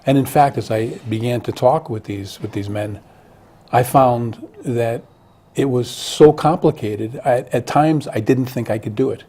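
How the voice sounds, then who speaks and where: A man's voice: mid-range voice, a little slow, dark tone. A man, an author, talking earnestly in an interview, often restarting and repeating words. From Connecticut. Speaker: author guest. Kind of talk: interview conversation.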